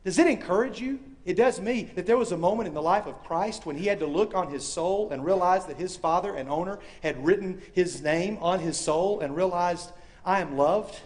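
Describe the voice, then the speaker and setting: A man with a high, light voice preaches a sermon to a live audience. He is animated, acts out the voices in his story, and swings from loud calls to hushed, quiet lines. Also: a little fast, few pauses. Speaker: speaker. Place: university chapel or hall with audience.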